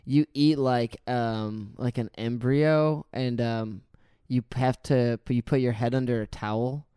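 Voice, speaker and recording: A man's voice: medium pitch, steady tone, a little slow, mellow, smooth, no room sound, studio quality. A young man in casual podcast chat, laid-back and slangy, laughing often.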